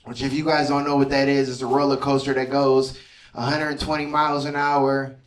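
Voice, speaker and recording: A man in his thirties performs a chatty, conversational stand-up set on a comedy club stage, speaking briskly in a mid-range voice with flat delivery. He keeps checking in with the crowd, asking "you know what I mean," and the laughing audience is heard through roomy, distant live club sound.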